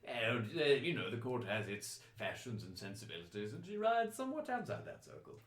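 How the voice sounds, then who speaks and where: A man voicing a gracious, flattering male chancellor at court in a tabletop game. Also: medium pitch, brisk, roomy sound, voice pushed up. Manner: polite and flowery.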